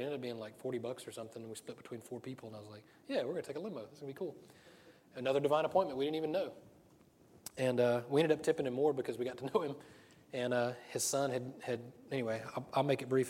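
A middle-aged man preaching in a loose, conversational way, breaking into laughs and restarting his sentences. His delivery moves quickly. His voice sits at an ordinary middle pitch for a man. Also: warm tone, slight background noise. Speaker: pastor. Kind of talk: sermon.

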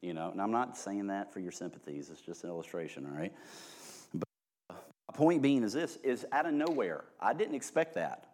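A man's voice: fairly low pitch, expressive, fairly quick. Joking, conversational male preacher. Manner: joking and self-deprecating, swinging from hushed to loud. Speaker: pastor. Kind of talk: informal humorous sermon.

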